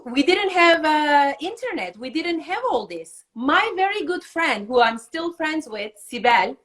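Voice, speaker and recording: A high, bright woman with a tells her story in casual podcast talk. Her voice swings widely in pitch, and she laughs often. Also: big pitch swings, a little slow. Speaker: podcast guest.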